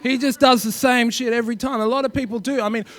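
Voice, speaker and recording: A man's voice: very high voice, steady tone, fast, fairly bright tone, dry recording. An Australian man, a film director on a discussion panel, argues a point emphatically with lots of fillers.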